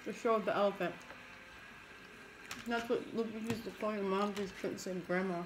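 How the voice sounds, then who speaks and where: A woman's voice: medium pitch, fairly even intonation, moderate pace, background noise. A middle-aged woman with a New York accent, co-hosting a casual eating video, teasing her partner and laughing often. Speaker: co-host. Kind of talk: casual chat while eating.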